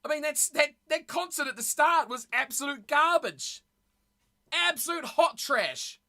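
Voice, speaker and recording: A woman's voice: high-pitched, moderate pace, bright, forceful tone. A woman streamer chatting casually with her live chat, blunt and opinionated, often losing her train of thought.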